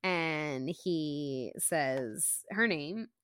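A woman's voice: sits low, extremely slow, a bit bright, no echo. A woman co-hosting a book club podcast, chatting casually as she retells a chapter, peppered with "like". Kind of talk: casual chat.

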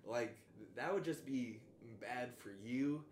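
A man's voice: medium pitch, takes it slowly, darkish tone, a little hiss or hum. A man in casual chat who swears a lot and rambles in disbelief. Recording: echoey room.

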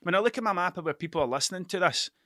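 A man's voice: high voice, expressive, rapid-fire, bright, forceful tone, no room sound, clean studio sound. Sweary Scottish man rambling on a podcast. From Scotland. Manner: rambling, sweary, self-interrupting. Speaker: podcast host. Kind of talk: casual solo podcast monologue.

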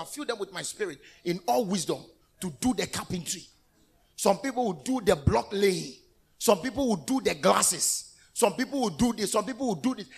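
Animated man preaching, husky voice. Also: high voice. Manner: animated, call-and-response preaching. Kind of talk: sermon. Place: church hall.

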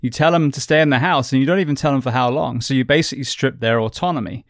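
A man hosting a podcast, speaking in a measured, reflective way, building a point in long runs. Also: mid-range voice, dry recording, clean studio sound. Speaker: podcast host. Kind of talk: podcast conversation.

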